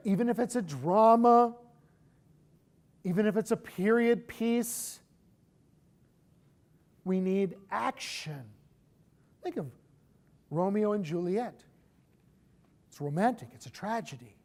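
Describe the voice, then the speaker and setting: A woman instructor giving a lecture in an animated, emphatic way, with big swings in pitch and loudness.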